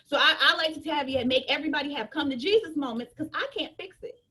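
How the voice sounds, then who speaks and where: A woman's voice: high voice, fast talker, pushed and bright. A woman giving an emphatic, joking business training talk, repeating her points and preaching to her team.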